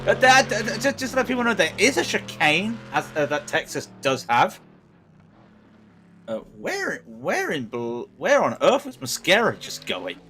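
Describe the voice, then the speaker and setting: A man co-commentating a live sim race, animated and tripping over his words. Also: sits high, normal speed, faint music behind.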